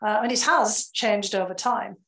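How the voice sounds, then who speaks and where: Northern English woman, measured and explanatory. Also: medium pitch, gravelly, a bit bright, poor audio. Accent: Northern English, enunciated. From England. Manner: measured, explanatory, with frequent fillers and restarts. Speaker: guest, former security official. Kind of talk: conversational interview answers.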